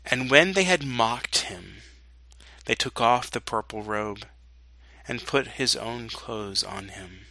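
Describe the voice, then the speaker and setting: A pastor reading a scripture passage aloud in a slow, deliberate way. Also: male voice, medium pitch, gravelly, bright, forceful tone, no room sound. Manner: slow and deliberate reading, with dramatic quoted lines.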